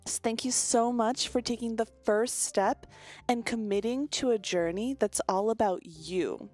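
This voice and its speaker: A woman voicing an upbeat, salesy life coach who pitches a mentorship program in gushing sales patter. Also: unhurried, a little mellow, faint music behind, natural voice.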